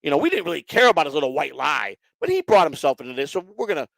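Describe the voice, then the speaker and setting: Animated, profane male storyteller. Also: fairly high pitch, racing, vocal fry, no room sound, low-quality recording. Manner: profane, animated, acts out quoted voices. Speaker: host. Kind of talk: casual storytelling chat.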